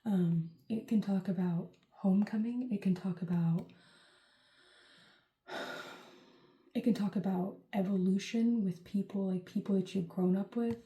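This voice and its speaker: A woman's voice: medium pitch, fairly even intonation, unhurried, long pauses, highs cut off. A woman giving a casual tarot reading to the camera, rambling and chatty with lots of "like" and "um". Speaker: tarot reader. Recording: roomy echo.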